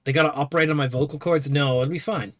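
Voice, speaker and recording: A man's voice: a little high, steady tone, quick pace, dry recording. A man playing through a game with a friend, chatting casually and joking at his own expense about doing the voices. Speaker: game player voicing characters. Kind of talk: casual let's-play chat.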